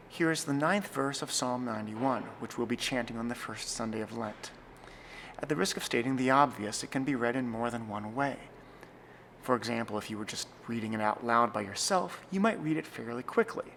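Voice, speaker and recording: A young man explains church singing in a measured, earnest teaching voice. His mid-range tone carries a gravelly edge of vocal fry. A faint hiss of noise sits under the recording. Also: medium pitch, animated, fairly bright tone. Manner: measured, earnest, reads slowly and deliberately in demonstrations. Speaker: church music director. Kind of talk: scripted instructional talk.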